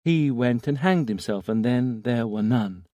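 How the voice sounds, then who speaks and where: A man's voice: medium pitch, expressive, unhurried, dark tone, no room sound, voice pushed up, lightly acted. A man voicing a small boy who recites a nursery rhyme in a childlike sing-song, one line straight into the next. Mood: eerie sing-song. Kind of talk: audiobook character voice.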